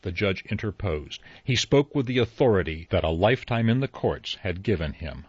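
A man narrating an audiobook in an even, unhurried storytelling manner. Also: low voice, husky, dry recording. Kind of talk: scripted narration. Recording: slightly dull dry recording.

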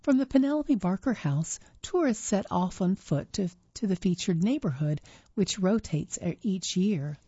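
A woman reading magazine articles aloud in an unpolished way, correcting herself and pausing with fillers, on a dull lo-fi recording. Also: medium pitch, animated, dark tone, slightly rough, no room sound.

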